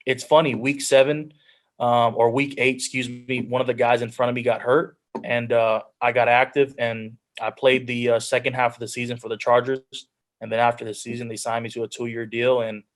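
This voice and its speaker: On a group video call, a young pro football player tells personal stories as a guest speaker. His mid-range voice barely shifts in pitch and keeps a normal pace. He comes across earnest and heartfelt, with many restarts and "like"s.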